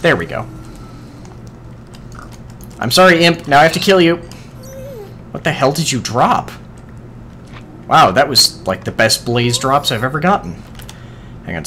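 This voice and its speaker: Excitable swearing man narrating his gameplay. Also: medium pitch, a little hiss or hum. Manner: excitable, swears often, talks to the game's creatures. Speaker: gaming video host. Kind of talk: casual let's-play commentary.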